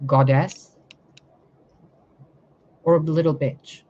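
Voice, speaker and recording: A woman's voice: low voice, fairly even intonation, drawn-out words, mellow, dull audio. A woman tarot reader giving an impassioned spiritual monologue, fiery and confrontational, full of swearing and rhetorical questions.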